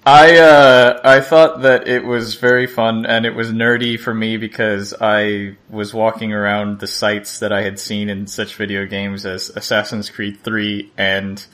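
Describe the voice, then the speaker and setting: A man co-hosting a podcast, chatting casually in a rambling, halting way and laughing often. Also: lowish voice, level tone, a bit bright. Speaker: podcast co-host. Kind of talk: casual chat.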